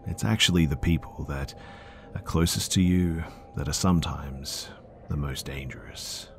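A man calmly narrating true scary stories in a low-key, subdued way. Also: moderate pace, slight background noise. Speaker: storyteller.

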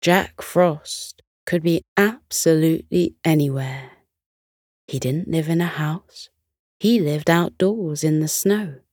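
A woman narrating a children's bedtime story in a slow, soothing reading manner. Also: sits low, darkish tone, dry recording, clean studio sound.

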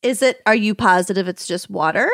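A woman, co-hosting a podcast in casual chat and asking quick questions. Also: medium pitch, fairly bright tone, no echo, studio quality. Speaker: podcast co-host.

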